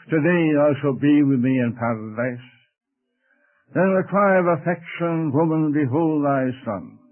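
A man preaching a sermon slowly and deliberately, drawing out the scripture he quotes. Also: mid-range voice. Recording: tinny phone-like radio broadcast.

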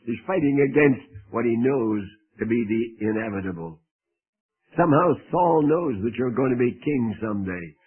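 Animated preacher on tinny radio. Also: male voice, measured pace, husky. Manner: animated, emphatic, dramatic swings of pitch. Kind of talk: sermon.

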